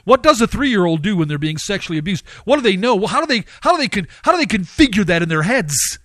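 A man's voice: sits high, big pitch swings, quick pace, fairly bright tone, no echo. A man preaching a sermon, emphatic, with repeated phrases and sudden rising outbursts.

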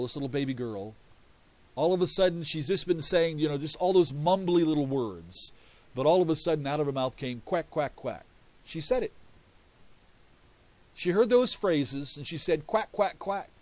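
Male pastor, middle-aged, fairly high voice, passionate sermon delivery, dry sound. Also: darkish tone, no echo. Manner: impassioned, swelling in volume on key words; repeats and restarts phrases for emphasis.

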